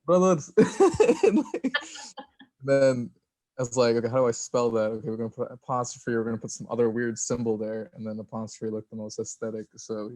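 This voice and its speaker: A man's voice: mid-range voice, flat delivery, quick pace, a little mellow, no room sound. A man filmmaker on a video call panel, answering candidly and a bit sheepishly, laughing as he talks.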